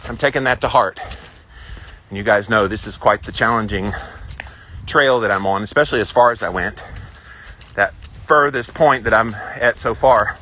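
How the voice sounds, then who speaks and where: A Southern man in his forties talks through a casual walk-and-talk, rambling and upbeat as he answers viewers. His voice sits fairly low yet sounds bright and forceful. Faint outdoor noise hums behind him. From South Carolina, US. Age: 40s. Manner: chatty, rambling and upbeat while walking. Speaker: vlogger answering live viewer comments. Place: outdoors on a hilly walking trail.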